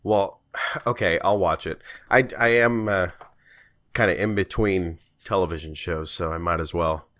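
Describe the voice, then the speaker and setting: A man's voice: low voice, measured pace, fairly bright tone. A man co-hosting a podcast in casual chat, laid-back, mostly giving short reactions. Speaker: podcast co-host.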